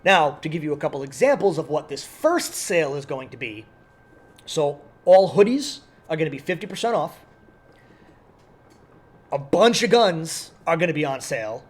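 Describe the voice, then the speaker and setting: A man on a casual podcast, promoting sales and programs in a relaxed, teasing way. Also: on the high side, normal speed. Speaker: podcast co-host at an airsoft field.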